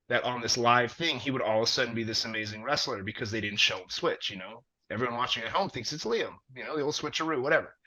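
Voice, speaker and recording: A man, a wrestler, telling a long story in casual conversation, animated and profane with plenty of fillers. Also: medium pitch. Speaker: wrestler guest. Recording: dull lo-fi audio.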